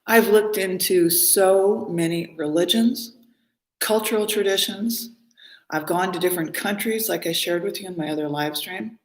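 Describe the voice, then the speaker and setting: A woman speaking to her viewers in an unscripted live stream monologue. She talks in a rambling, emphatic way at a mid pitch and often doubles back over her words. The room around her voice sounds roomy and echoey. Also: normal speed. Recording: roomy echo.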